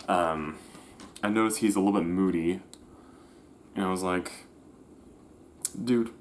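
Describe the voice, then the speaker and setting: A man's voice: low voice, steady tone, a little slow, slight background noise. A man telling a personal story in a casual, rambling way, often restarting and correcting himself, with slangy everyday talk. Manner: slangy, conversational.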